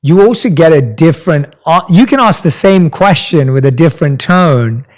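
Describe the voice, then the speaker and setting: A man's voice: fairly high pitch, expressive, moderate pace. A man hosting an interview, asking questions in an enthusiastic, reflective way. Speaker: interview host. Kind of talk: conversational interview.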